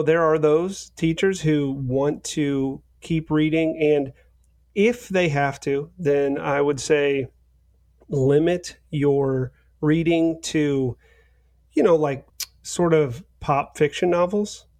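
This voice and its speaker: Deadpan male podcast co-host. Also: on the high side, slow pace. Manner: deadpan, mock-serious advice. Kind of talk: bantering podcast chat.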